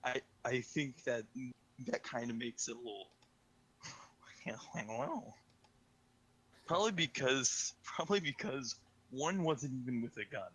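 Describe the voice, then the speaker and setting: Bright-voiced man with dark humor. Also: mid-range voice, expressive, unhurried, pauses often, slightly rough, poor audio. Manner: dark-humored, laughs often. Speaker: podcast host. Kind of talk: casual podcast chat.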